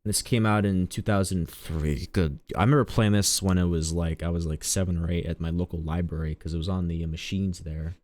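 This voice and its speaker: A man's voice: sits low, fairly even intonation, a little fast, few pauses, a little mellow. A young man chatting casually while he streams a game, rambling and mocking his own mistakes. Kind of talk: casual gameplay commentary.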